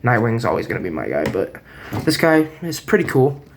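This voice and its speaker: A man's voice: medium pitch, very animated, fairly quick, gravelly, slight background noise. A man giving a casual toy review at home, chatty and rambling, often restarting his sentences, recorded on a camera set on a table. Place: home room.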